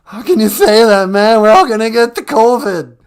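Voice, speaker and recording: A man puts on a jittery cowardly lion who phones in to a comedy show, pitched well above the man's own voice. His loud, whiny voice swings up and down as he frets without pause. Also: lively intonation, clear, resonant tone. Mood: panicky. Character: panicky cowardly male lion caller, jittery. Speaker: phone-in caller in a comedy bit.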